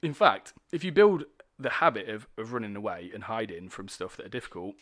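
A man's voice: fairly low pitch, big pitch swings, fairly quick, fairly bright tone. A man talking candidly in a casual podcast conversation, explaining things with plenty of swearing. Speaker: podcast guest.

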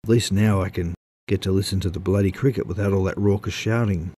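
A man's voice: deep voice, fairly even intonation, warm tone, husky. A man voicing an offhand neighbor. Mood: easygoing. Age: 70s. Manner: quick, offhand. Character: scrawny old neighbor, laconic and easygoing.

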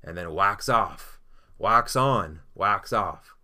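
A man voicing a calm, patient old male karate master who gives instructions during a sermon. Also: low-pitched, slow pace, exaggerated voice. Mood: instructive.

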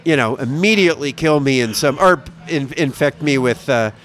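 Midwest guy cohosting a podcast, rambly and cussing, average pitch, some music faintly behind. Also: normal speed, a bit bright. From American Midwest. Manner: swearing, rambling anecdotes. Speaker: podcast co-host. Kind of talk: casual chat.

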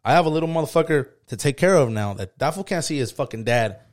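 Fast-talking and animated, a male podcast co-host with a fairly high voice tells stories in casual, profane chat. He is slangy and acts out quotes.

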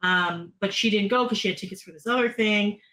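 A brisk, slightly bright-voiced woman from Canada co-hosts a podcast, telling a story casually with plenty of fillers. She imitates others' lines in raised voices, and the recording is rough.

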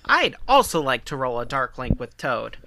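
A man's voice: medium pitch, very animated, moderate pace, gravelly, pushed and bright, slight background noise. A man playing in a tabletop game, talking casually in a wry way. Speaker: player.

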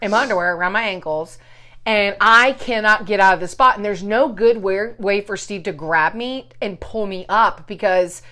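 A middle-aged woman telling a story in casual chat, animated and swearing, loudly acting out what people said. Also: medium pitch, moderate pace.

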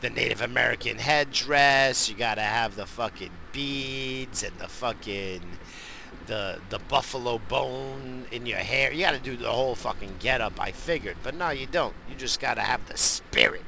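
A man's voice: medium pitch, moderate pace, vocal fry, pushed and bright, a little hiss or hum. A middle-aged man from the New York area, hosting a podcast and telling crude, boisterous stories in a profane, casual monologue. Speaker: podcast host.

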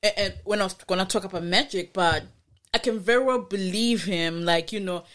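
A woman's voice: mid-range voice, brisk, a bit bright. A woman co-hosting a casual podcast chat, speaking enthusiastically with frequent laughter and hesitant fillers. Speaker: podcast co-host.

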